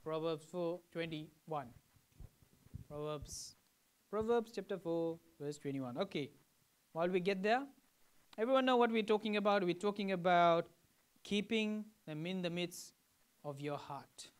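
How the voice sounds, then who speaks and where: A man's voice: sits high, expressive, a little slow, pauses often, clean tone. A man from Fiji preaching a sermon to a congregation, teaching in a conversational way and often checking in with questions. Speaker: pastor.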